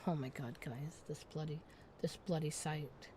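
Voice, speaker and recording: A woman's voice: deep voice, steady tone, a little slow, warm tone, slight background noise. A woman game streamer in casual live-stream chat, ranting in exasperation, swearing and repeating herself.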